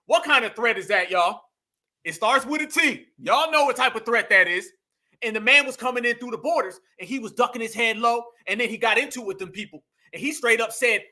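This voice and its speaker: A man's voice: high-pitched, a little fast, pushed and bright. A man hosting a reaction commentary, talking emphatically and calling his viewers family. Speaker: commentary host.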